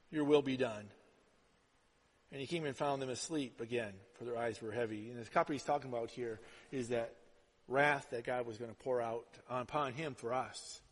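A male pastor preaching a sermon in a conversational way, dropping to hushed asides and rising to loud emphatic lines. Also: medium pitch, normal speed. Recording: long hall reverb.

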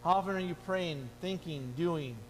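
A man's voice: fairly high pitch, normal speed. A middle-aged man preaching a sermon, earnest and exhorting, quoting scripture as he urges his listeners. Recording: long hall reverb, faint hum.

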